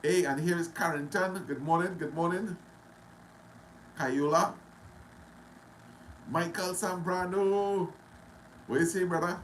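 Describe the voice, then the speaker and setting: A man with a Trinidadian accent hosting a casual live stream, greeting viewers one by one and talking loudly. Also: high-pitched, takes it slowly, pauses often, a little hiss or hum, low-quality recording. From Trinidad and Tobago. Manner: greets viewers by name, loud and friendly. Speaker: livestream host.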